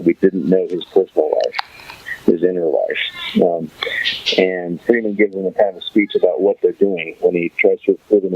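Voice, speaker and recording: A man's voice: deep voice, darkish tone, dull audio, slight background noise. A man hosting a podcast, casually recapping a TV episode, rambling and thinking aloud with many fillers. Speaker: podcast host.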